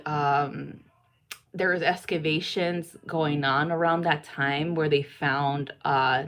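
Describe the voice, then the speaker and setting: A woman psychic reader chatting casually to viewers in a rambling way, with lots of fillers and swearing. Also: sits low.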